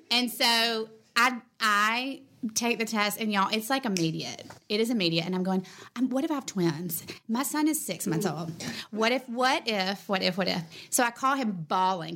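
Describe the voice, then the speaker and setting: Gravelly-voiced woman telling her story. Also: mid-range voice, a little hiss or hum. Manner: animated, emotional storytelling with quoted dialogue. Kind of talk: personal testimony.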